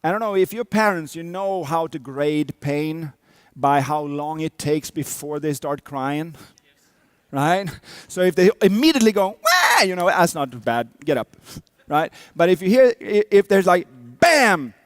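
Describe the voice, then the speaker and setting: A man's voice: a little high, animated, normal speed, smooth, no room sound, studio quality. A man in his thirties, a coach, telling a personal story to an audience, acting out sounds and quotes. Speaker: speaker, coach.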